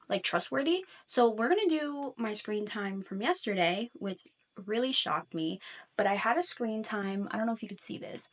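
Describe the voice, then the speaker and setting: A young woman chatting to her viewers in a relaxed vlog. She talks easily with plenty of "like" fillers, at an everyday middle pitch. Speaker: reading vlogger. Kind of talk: casual vlog chat.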